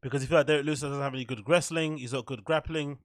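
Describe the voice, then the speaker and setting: A man's voice: medium pitch, steady tone, racing, dry recording, studio quality. A man hosting a casual livestream, rambling, swearing freely and answering his chat. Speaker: livestream host.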